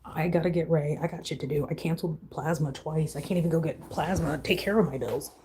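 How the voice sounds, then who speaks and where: A woman's voice: sits low, quick pace, darkish tone, slight background noise, poor audio. A young woman venting on a casual vlog, frustrated and swearing freely as she mimics her roommate. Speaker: vlogger. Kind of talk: venting to camera.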